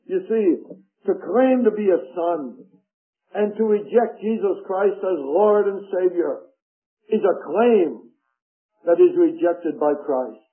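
A man preaching a sermon, slow and emphatic, reading scripture aloud. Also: high-pitched, lively intonation. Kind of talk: radio sermon. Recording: tinny phone-like radio broadcast.

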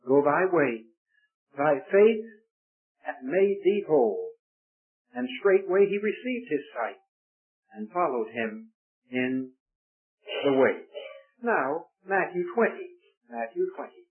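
Male preacher, measured, emphatic scripture reading and prayer, raised voice, lo-fi recording. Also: fairly high pitch, big pitch swings. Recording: tinny, phone-like lo-fi recording.

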